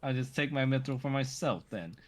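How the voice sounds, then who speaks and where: A man's voice: medium pitch, expressive, fairly quick, pitched above the performer's own voice, lightly acted. A man voicing a streetwise young boy who talks like an old-time gangster. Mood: cocky. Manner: tough-guy "see?" patter.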